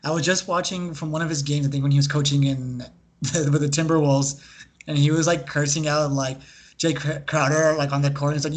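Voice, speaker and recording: A young man co-hosting a sports podcast, chatting casually in a joking, animated way and swearing freely. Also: on the high side, fairly quick. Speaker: podcast co-host.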